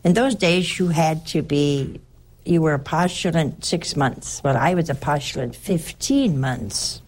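With a low-pitched, somewhat dark voice and a measured pace, an elderly nun recounts something from her own life. She wanders conversationally and keeps starting over.

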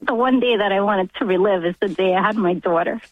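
A woman in her forties from New York, calling in on the phone and telling an emotional story, halting and laughing through tears. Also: mid-range voice, no room sound. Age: 40s. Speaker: caller. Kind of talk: emotional call-in testimony. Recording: tinny phone line, dry.

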